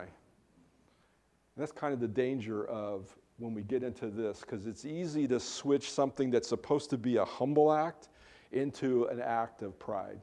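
A man's voice: medium pitch, measured pace, warm tone. A man preaching a casual sermon as pastor, conversational and restarting his sentences as he teaches. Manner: conversational, with self-interrupting restarts.

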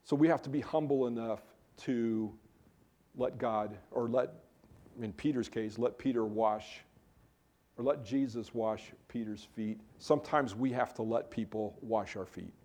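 Mellow-voiced man teaching a casual sermon. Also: mid-range voice, measured pace. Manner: conversational, with self-interrupting restarts. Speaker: pastor.

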